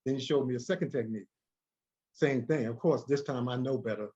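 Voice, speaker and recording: A man's voice: medium pitch, fairly quick. Man telling a story on a muffled recording. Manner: animated storyteller who repeats and restarts words. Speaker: guest. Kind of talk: storytelling in a conversational interview. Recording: dull lo-fi recording.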